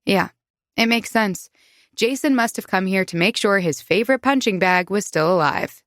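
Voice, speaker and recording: A woman's voice: medium pitch, moderate pace, fairly bright tone, no echo, clean studio sound. A woman narrating a first-person romance audiobook in an intimate, confiding way.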